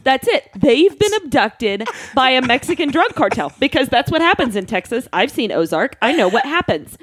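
Animated, high-voiced woman telling a story. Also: moderate pace, husky, no echo. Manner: animated, dramatic storytelling with acted-out quotes and frequent laughter. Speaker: storyteller in a family chat. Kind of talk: casual chat.

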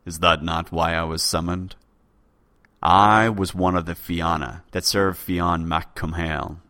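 Man doing a chill deep warrior stranger, low and quiet, bossy in a calm way, dry close sound. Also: unhurried, no echo. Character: tall mysterious male warrior, calm and deep-voiced.

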